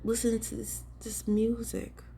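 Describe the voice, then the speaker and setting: Gravelly-voiced, earnest ministry vlogger. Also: mid-range voice, monotone, normal speed, dark tone, slight background noise. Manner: earnest, emphatic, pleading; casual and direct, addressing viewers as y'all. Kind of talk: preachy vlog commentary.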